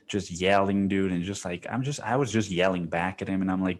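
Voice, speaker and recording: A young man with a very deep, low-pitched voice talks alone into his podcast mic. He vents in a profane, restless way, leaning on "dude" every few words. His tonsils are swollen, so his throat is sore. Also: brisk, hardly any pauses, a little hiss or hum. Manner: profane venting, heavy on "dude". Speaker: podcast host. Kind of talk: solo podcast monologue.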